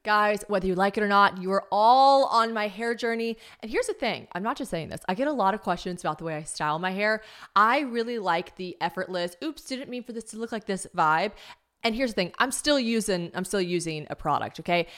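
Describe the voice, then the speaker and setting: A woman's voice: medium pitch, lively intonation, a little fast, fairly bright tone. A woman hosting a podcast, chatting casually in a blunt, talkative way and swearing freely. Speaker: podcast host. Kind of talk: casual chat.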